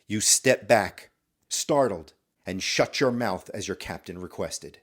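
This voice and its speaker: A man's voice: fairly low pitch, lively intonation, measured pace, a bit bright, slightly rough. A man hosting a podcast, telling a story in a scripted, dramatic way and talking straight to the listener. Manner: dramatic, addresses the listener directly. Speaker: podcast host.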